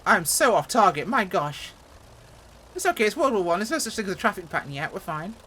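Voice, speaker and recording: A woman's voice: medium pitch, very animated, a little fast, a bit bright, slight background noise. A woman at home giving casual, joking, self-mocking commentary as she reviews a flight sim.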